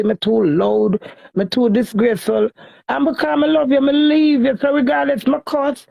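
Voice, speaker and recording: Gravelly high-voiced Jamaican woman ranting. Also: dark tone, dry recording, rough recording. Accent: Jamaican Patois. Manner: pleading and repetitive, swinging between cussing and begging. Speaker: social media personality. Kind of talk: emotional social media rant.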